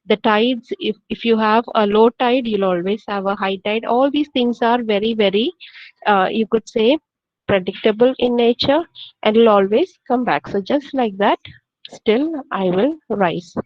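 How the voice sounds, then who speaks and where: A woman teaching a poem, reading lines slowly and then explaining them with rhetorical questions. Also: fairly high pitch, no room sound, highs cut off. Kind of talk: poetry lesson, explaining line by line.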